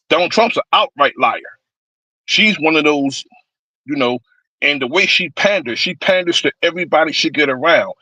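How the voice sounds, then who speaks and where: Bright-voiced man ranting bluntly. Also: a little high, dry recording, poor audio. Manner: blunt, rambling, swears freely. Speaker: stream panelist. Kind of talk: casual political rant.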